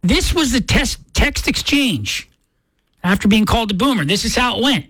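Chatty woman radio host, lively. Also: fairly high pitch, normal speed, no echo. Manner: chatty storytelling, playful. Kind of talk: casual radio chat. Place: radio studio.

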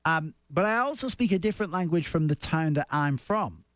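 A man's voice: fairly high pitch, lively intonation, brisk, fairly bright tone, no room sound. A man in his forties from the north of England with a Wigan accent, talking in a chatty, self-deprecating way. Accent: Wigan, northern English. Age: 40s. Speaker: speaker. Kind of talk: casual personal monologue.

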